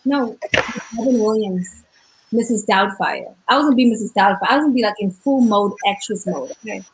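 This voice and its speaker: A woman co-hosting a casual talk show over a video call, speaking English with an accent, talking fast and rolling her R's when excited. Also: medium pitch, rough recording. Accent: non-native English accent. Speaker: co-host. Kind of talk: casual chat.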